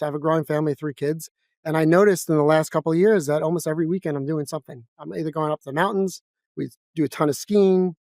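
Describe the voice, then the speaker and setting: Fast-talking New York man. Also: fairly high pitch, no echo, studio quality. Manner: fast, energetic, blunt. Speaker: guest, financial advisor. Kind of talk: casual interview. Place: office.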